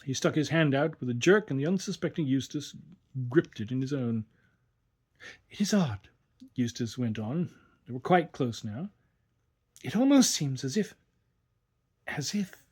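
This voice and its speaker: A man narrating a story in a measured, expressive reading. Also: mid-range voice. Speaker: reader.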